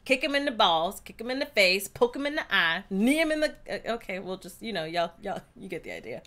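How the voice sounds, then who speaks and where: A woman's voice: mid-range voice, big pitch swings, fairly quick. A woman giving casual, outspoken commentary while playing a story game. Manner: chatty, outspoken, reacting loudly to the story. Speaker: gameplay streamer. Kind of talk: casual let's-play commentary.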